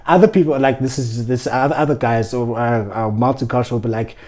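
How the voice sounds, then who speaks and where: Animated South African male podcast host. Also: mid-range voice, brisk. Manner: animated storyteller, laughs often, many restarts. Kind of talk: casual interview chat.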